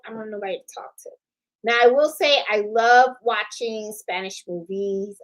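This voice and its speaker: A woman's voice: medium pitch, rough recording. A middle-aged woman hosting a crafts channel, chatting casually on a live stream and rambling with lots of "you know" and "okay?". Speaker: host of a sewing and embroidery channel.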